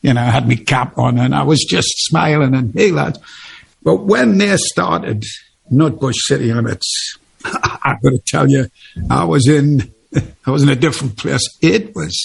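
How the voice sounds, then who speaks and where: Interview guest, Geordie man in his 70s, gravelly and husky, chatty storyteller. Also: on the high side. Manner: chatty, rambling, laughs often.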